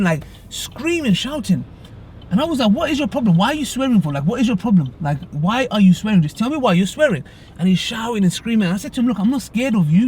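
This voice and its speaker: A young man vlogs from his car, casually retelling an argument he had on the road. His voice sits high with a darkish tone, and there's slight background noise.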